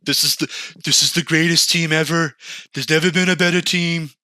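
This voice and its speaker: A man's voice: on the high side, steady tone, brisk, sharp tone, no room sound, pitched above the performer's own voice. A man voicing a stubborn, overconfident AI that boasts and waves off every doubt. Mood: boastful. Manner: cocky, dismissive, insisting.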